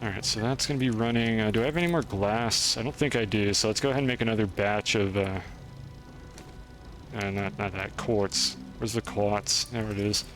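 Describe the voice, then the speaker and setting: A man's voice: fairly low pitch, brisk, fairly bright tone, faint music behind. A man streaming a game, chatting through his moves in a rambling, self-deprecating way. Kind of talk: gameplay commentary.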